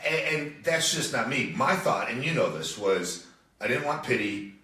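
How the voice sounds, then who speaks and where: A man co-hosting a radio show from a home studio, chatting casually in a subdued, somewhat monotone way. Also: medium pitch, moderate pace, reverberant, far from the mic.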